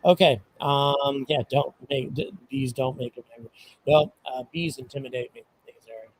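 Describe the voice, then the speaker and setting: A man's voice: mid-range voice, moderate pace, low-quality recording. Chatty man hosting an outdoor live stream. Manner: relaxed, chatty, many fillers, greets viewers by place. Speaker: livestream host. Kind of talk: casual live stream chat. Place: outdoors at a launch site.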